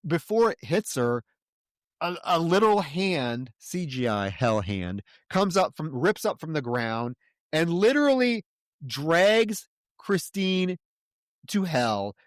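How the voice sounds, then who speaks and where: A man's voice: fairly high pitch, dry recording, studio quality. A man co-hosting a podcast, animatedly retelling a film's plot in casual chat with frequent laughs. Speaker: podcast co-host. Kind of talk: casual film discussion.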